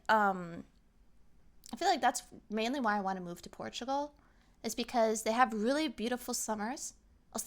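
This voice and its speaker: Chatty young woman streamer, highish voice. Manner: chatty, animated, acts out quoted people. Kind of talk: casual chat reading chat.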